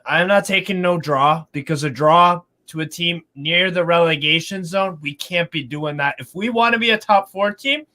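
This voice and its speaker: A man talking casually about football as a fan on a panel, animated and repeating words as he goes. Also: fairly high pitch, moderate pace, hardly any pauses.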